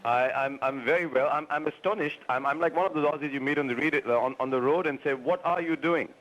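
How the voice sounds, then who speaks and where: A man with an Indian accent talks quickly and teasingly over a phone link. He laughs often as he trades stories. The line sounds dull, with faint noise behind. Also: mid-range voice, a bit bright. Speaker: guest commentator on the phone line. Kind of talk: casual chat on a phone link.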